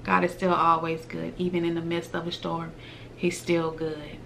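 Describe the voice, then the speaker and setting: A woman's voice: lowish voice, little pitch movement, moderate pace, vocal fry, a bit bright, a little hiss or hum. A woman, talking earnestly to her viewers in a heartfelt vlog. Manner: earnest, heartfelt, repetitive, slips into whispers. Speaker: vlogger. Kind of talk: emotional direct-to-camera talk.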